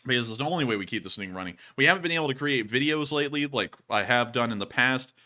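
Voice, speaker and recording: Host, male, bright animated delivery, jokey. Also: fast talker. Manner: joking, goes loud and high in bits. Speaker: livestream host. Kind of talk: casual livestream chat.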